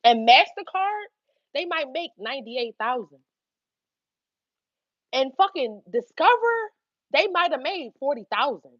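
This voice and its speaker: A woman's voice: high-pitched, sing-song, unhurried, pauses often, fairly bright tone, no room sound. A woman talks through her overnight hotel job in a loose, profane, conversational way, often asking if the listener follows. The sound is dry and close, with a dull, lo-fi quality. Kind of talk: casual explainer talk.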